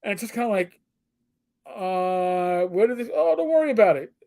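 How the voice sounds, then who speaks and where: A man's voice: sits high, lively intonation, normal speed, gravelly, warm tone. Middle-aged man, co-host, casual storyteller, crude joking, slips into voices. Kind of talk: casual chat, telling stories.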